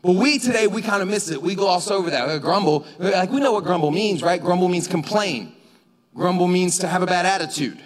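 A man preaching a sermon in a church, talking conversationally and rising to shouts for emphasis. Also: high-pitched, expressive, a little fast. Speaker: pastor. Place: church sanctuary. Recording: long reverb of a church hall.

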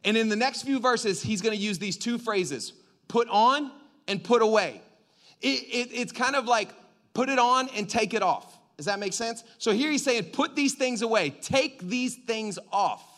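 A man preaching a sermon in a lively, joking way, getting the congregation to call back to him. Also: very high-pitched, moderate pace. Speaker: pastor.

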